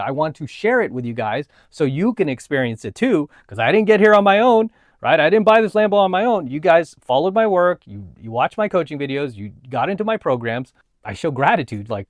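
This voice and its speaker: A man's voice: fairly high pitch, no echo, clean studio sound. A man, a coach and vlogger, telling a personal story in a casual monologue, emphatic and repeating himself. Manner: emphatic, repeats himself, asks "right?" often.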